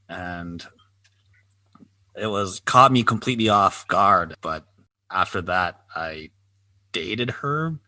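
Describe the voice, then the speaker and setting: A man's voice: low voice, animated, measured pace, long pauses, bright, forceful tone, no room sound. A Canadian man hosting a podcast, chatting casually and teasing his guest over a remote call. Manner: laid-back, teasing, laughs often. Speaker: podcast host. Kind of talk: casual chat.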